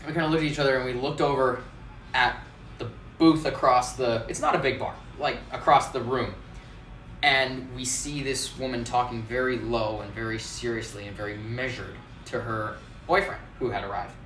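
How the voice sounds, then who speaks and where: A man's voice: medium pitch, normal speed, a little hiss or hum. A man, a bartender hosting his own show, telling a story casually, laughing often and acting out what people said. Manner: animated, laughs often, acts out quotes. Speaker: bartender and host. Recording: roomy, distant mic, faint ambience.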